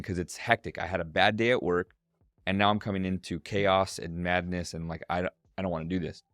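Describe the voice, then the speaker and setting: Deep-voiced man telling a family story. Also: brisk, no room sound, clean studio sound. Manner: animated storyteller, acts out voices in quotes. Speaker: guest, strengths coach. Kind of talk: storytelling in a podcast interview.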